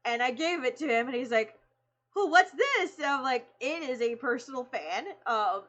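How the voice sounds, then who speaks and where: A woman streamer excitedly telling a story in casual chat, laughing, swearing and acting out the people she quotes. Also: fairly high pitch, normal speed, dull audio.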